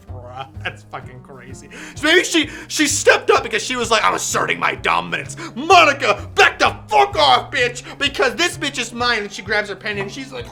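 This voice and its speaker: A streamer chatting with viewers and reading a visual novel aloud, excitable and swearing freely. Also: medium pitch.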